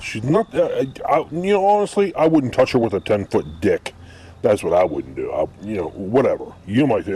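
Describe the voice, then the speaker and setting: A man's voice: lowish voice, sing-song, normal speed, mellow, breathy edge. A man outdoors, giving a blunt, rambling opinion monologue in a casual style. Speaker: vlogger.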